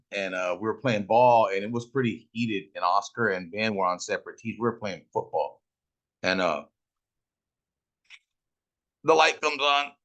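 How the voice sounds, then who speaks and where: A middle-aged host from Fresno, California tells stories casually while smoking. His voice sits on the low side with a fairly bright tone, and his talk is profane, boastful and thick with slang.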